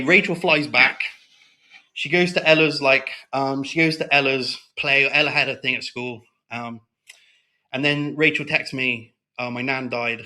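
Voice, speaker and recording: A man's voice: fairly high pitch, bright, forceful tone. A man talking as a guest in a casual interview, heated and blunt, swearing often and tagging lines with "right?".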